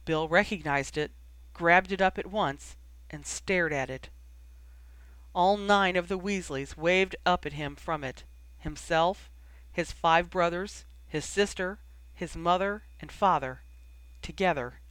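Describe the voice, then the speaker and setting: A reader narrating a fan fiction audiobook in a measured, expressive way. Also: medium pitch, dry recording.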